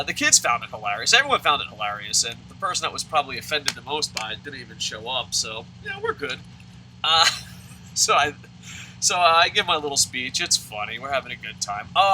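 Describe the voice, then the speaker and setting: A young man casually telling a long, profane, rambling story while commentating his gameplay. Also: mid-range voice. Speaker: let's play commentator. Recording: steady background noise.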